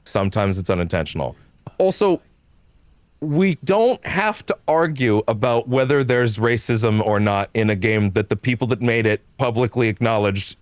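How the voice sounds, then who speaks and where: A man's voice: mid-range voice, very animated, normal speed, no room sound. A man streaming a game live, rambling in casual commentary, full of fillers, swearing and frequent laughter.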